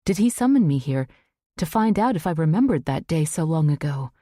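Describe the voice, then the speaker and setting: A woman narrating a suspense audiobook in the first person, in a measured, tense way. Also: sits low, expressive, warm tone, dry recording, clean studio sound.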